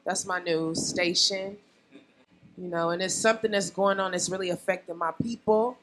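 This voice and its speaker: A young woman doing a loud, brash, profane stand-up comedy set on a bar stage. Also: fairly low pitch, steady tone, moderate pace, rough recording. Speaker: stand-up comic.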